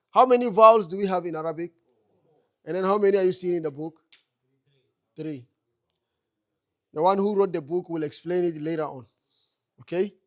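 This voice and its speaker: A man with a high-pitched voice teaches a class in a mosque classroom. He keeps asking the students questions and then answers them himself. He repeats his key points to drive them home. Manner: repeats key phrases for emphasis. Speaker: Arabic teacher. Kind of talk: classroom lecture.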